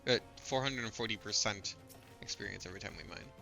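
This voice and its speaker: Forceful, bright-voiced man explaining game mechanics. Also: fairly low pitch, fast, vocal fry, faint music behind. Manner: explanatory, pedantic, punning. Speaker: streamer. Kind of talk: casual gameplay commentary.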